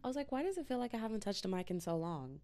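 A woman's voice: mid-range voice, big pitch swings, very fast, dark tone, no room sound. A woman hosting a solo podcast, ranting in a slangy, exasperated casual way into a podcast mic. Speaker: podcast host.

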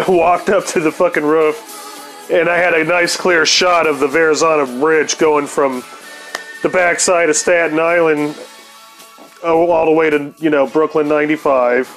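A podcast host with a slightly high, fairly bright voice rambles through a profane story in a casual monologue, laughing now and then.

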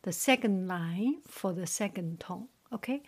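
A woman with as her leads a quiet drill at an unhurried crawl. Her voice sits at an ordinary middle pitch and often sinks to a breathy whisper. She says every word twice with a steady, patient rhythm before giving its meaning. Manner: very slow, repeats each word twice then translates; often drops into a soft whisper. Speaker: language teacher. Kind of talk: soft whispered tone-drill lesson.

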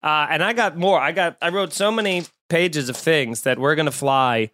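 Male podcast host, sarcastic, riffing, casual comedic chat, animated put-on quotes. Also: on the high side, moderate pace.

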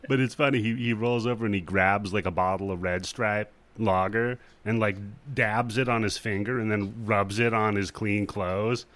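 Man, lowish voice, casual chat, retelling scenes, swears, laughs along. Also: fairly even intonation, moderate pace, few pauses, fairly bright tone. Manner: storytelling, swears, laughs at the jokes.

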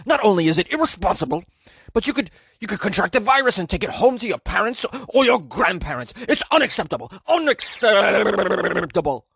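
A man's voice: high voice, sing-song, a little fast, vocal fry, a bit bright, slightly rough, no room sound, voice pushed up, full character voice. A man putting on the voice of an indignant male city councilor, overwrought and emphatic, repeating his words.

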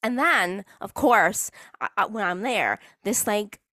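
A woman's voice: mid-range voice, animated, slow pace, pushed and bright, no room sound, studio quality. A woman chatting casually as a hockey fan vlogger, rambling and poking fun at herself. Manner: chatty, rambling, self-mocking. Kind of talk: casual chat.

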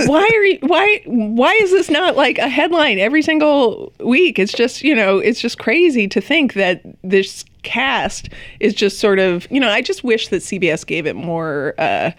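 A woman co-hosting a casual TV review podcast, chatty and quick to laugh. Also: fairly high pitch, no echo. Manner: chatty, laughs often, animated asides. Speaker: podcast co-host.

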